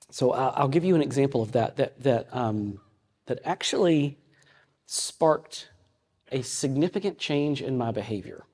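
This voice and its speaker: Husky man teaching in a reverberant hall. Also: mid-range voice, darkish tone. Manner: conversational, halting with frequent restarts. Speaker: ministry teacher. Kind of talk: teaching talk with personal stories. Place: meeting room with an audience.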